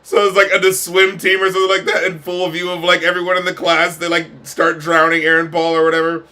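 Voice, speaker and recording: A man's voice: high-pitched, little pitch movement, quick pace, pushed and bright. A man streaming a music reaction, retelling a video in a loose, profane, laughing way. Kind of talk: casual reaction commentary.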